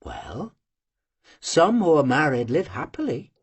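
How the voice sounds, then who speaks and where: An audiobook reader voicing a proud, serious young Cossack woman who answers quietly and firmly. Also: mid-range voice, sing-song, unhurried, husky, voice pushed down, full character voice. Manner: quiet, firm, curt replies. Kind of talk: audiobook character voice.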